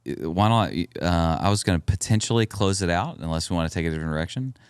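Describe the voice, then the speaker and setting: Deep, smooth-voiced male pastor, jokey. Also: fast talker, no room sound, clean studio sound. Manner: relaxed, jokey, affirming. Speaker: pastor and podcast co-host. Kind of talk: casual podcast conversation.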